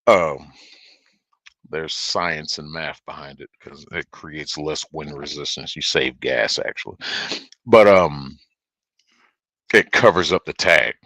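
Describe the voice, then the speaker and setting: A man hosting a casual livestream, loud and excitable, swearing and laughing a lot as he tells a story. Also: a bass voice, slow pace, long pauses, dry recording. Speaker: livestream host.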